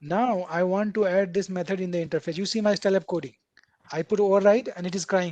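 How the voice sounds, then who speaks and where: Guy teaching a coding class, keeps asking "right?", chatty and animated. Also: high-pitched, fast talker, dry recording. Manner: chatty, repeatedly checking in with "right?"; animated, acting out what the code editor says. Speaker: programming instructor. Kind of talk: live online coding class.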